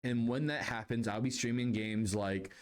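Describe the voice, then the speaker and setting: A man's voice: mid-range voice, steady tone, moderate pace. A young man hosting a casual solo podcast, telling stories in a rambling, self-deprecating way that keeps wandering off on tangents. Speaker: podcast host.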